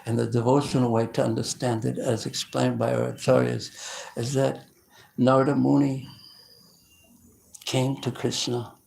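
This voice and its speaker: A male preacher telling devotional stories in a lively sermon, often stopping and restarting his sentences. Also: mid-range voice, creaky, slight background noise, poor audio. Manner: animated, with frequent restarts.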